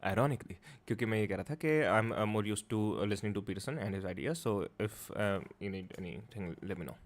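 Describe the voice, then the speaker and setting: A man hosting a livestream, chatting casually and switching between Hindi and in a rapid, offhand way. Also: fairly low pitch. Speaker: livestream host. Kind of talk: casual stream chat, mixing Hindi and English.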